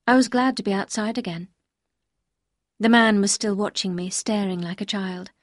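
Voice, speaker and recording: A woman reading a novel aloud as first-person narrator, in a clear, measured storytelling manner. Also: medium pitch, no room sound, studio quality. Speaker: audiobook reader.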